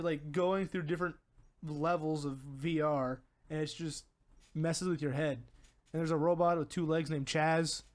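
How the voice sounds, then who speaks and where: Young male podcaster, higher-pitched, loose and rambling with restarts, chatty storyteller. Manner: rambling storyteller, stumbles and repeats words, laughs at own story. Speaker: podcast co-host. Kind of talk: casual chat.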